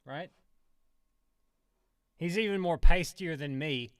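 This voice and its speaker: Foul-mouthed rambling man, slightly high. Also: takes it slowly, smooth, dry recording, clean studio sound. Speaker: streamer. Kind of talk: profane ranting commentary.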